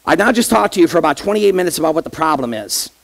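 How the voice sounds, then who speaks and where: Male pastor, sermon, gravelly, fairly high voice, talks straight to the congregation, rhetorical questions. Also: animated, racing. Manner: conversational, addresses the congregation directly with rhetorical questions. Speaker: associate pastor.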